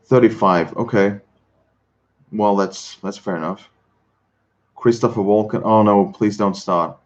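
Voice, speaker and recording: A man from Switzerland, hosting a casual livestream and chatting with viewers in a halting way, often repeating words and chuckling. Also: lowish voice, fairly even intonation, darkish tone, dull audio. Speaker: livestream host. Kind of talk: casual chat reading viewer comments.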